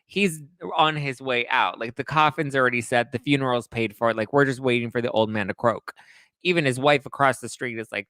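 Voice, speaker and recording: A man hosting a casual book recap, telling the story in a gossipy, dramatic, animated way. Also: medium pitch, brisk, clear, resonant tone, no room sound. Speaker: host.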